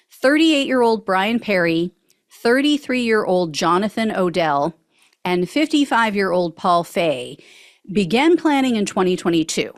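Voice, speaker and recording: A woman's voice: medium pitch, dry recording, studio quality. Sarcastic woman hosting a news commentary show. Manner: mocking, laughs often between lines. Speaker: host of political news show.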